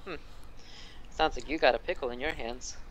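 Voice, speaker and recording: A man's voice: medium pitch, normal speed, fairly bright tone, slight background noise, lightly acted, rough recording. A man voicing a troubled town mayor in a tabletop game, sighing and mocking by turns. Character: troubled male town mayor, weary and sly. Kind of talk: tabletop game role-play.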